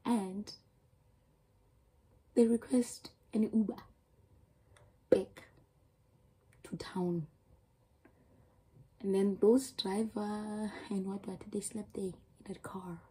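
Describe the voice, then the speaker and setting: Young South African woman, dark husky voice. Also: mid-range voice, steady tone, takes it slowly, long pauses, rough recording. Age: young adult. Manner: emotional, rambling retelling with many restarts. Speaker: YouTuber. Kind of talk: storytime vlog.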